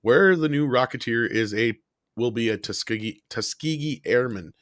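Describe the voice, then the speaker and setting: A man's voice: medium pitch, normal speed, a bit bright, no room sound. Dry-voiced man in casual chat. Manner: wry, swears casually, reads viewer messages. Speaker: co-host.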